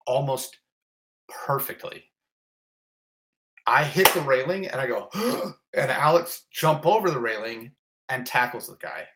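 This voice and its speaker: An interview guest, a man, relives a personal story with animated emotion, gasping and exclaiming while rambling and restarting often. His medium-pitched voice moves a little slowly with long pauses, over a slight hiss or hum.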